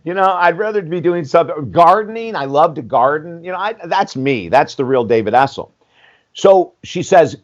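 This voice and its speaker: Speaking at normal speed in a fairly high voice, this sixty-something life coach shares his story openly as a guest on a podcast, though the audio is dull. He gets animated, performs quoted conversations, drops frequent "you know"s, and swears offhandedly.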